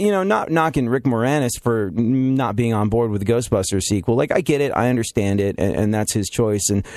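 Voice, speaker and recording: This New York man has a mid-range, slightly mellow voice and a New York accent, recorded dry. As host of a comedic chat show, he rambles and jokes, full of fillers and restarts.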